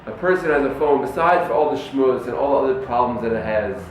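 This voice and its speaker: A man giving a lively yeshiva talk to students, acting out the people in his stories. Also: medium pitch, fast talker. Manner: animated storyteller acting out quoted people. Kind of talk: lively sermon with told stories. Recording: echoey room, mic far off, faint noise.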